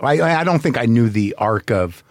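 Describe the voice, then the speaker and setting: A man's voice: mid-range voice, lively intonation, moderate pace. A man hosting a casual interview, rambling with lots of restarts and swearing. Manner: rambling, frequent restarts, profane. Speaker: podcast host.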